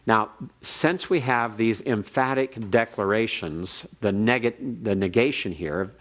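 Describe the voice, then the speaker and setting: Low-voiced man giving a methodical lecture. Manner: methodical, reads Hebrew slowly for repetition. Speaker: Hebrew grammar lecturer. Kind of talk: classroom lecture. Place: classroom.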